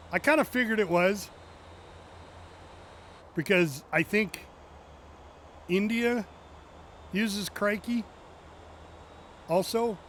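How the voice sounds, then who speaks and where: A man with a fairly high voice rambles through casual chat while he plays a driving game. He jokes, laughs often, and throws asides to his viewers. A faint hiss sits under his voice. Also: very slow, long pauses, a bit bright. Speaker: game streamer.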